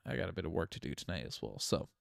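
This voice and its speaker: A young man with a light Newfoundland accent hosts a casual live stream. He rambles, restarts his words and laughs easily. His voice sits fairly low but swings widely in pitch, recorded close and dry. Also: expressive, racing, gravelly, no room sound. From Newfoundland, Canada. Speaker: channel host.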